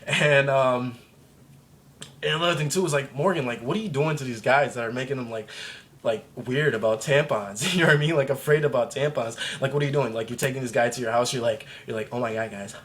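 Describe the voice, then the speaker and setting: A man's voice: mid-range voice, fairly quick, a bit bright. A young man vlogging to camera, telling a rambling, profane story with lots of laughter and exaggeration. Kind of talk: casual comedic storytelling to camera.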